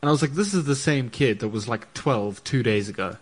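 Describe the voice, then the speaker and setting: A man's voice: medium pitch, lively intonation, fairly quick, breathy edge. Hesitant man co-hosting a podcast. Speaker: podcast co-host. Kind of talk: casual football podcast chat.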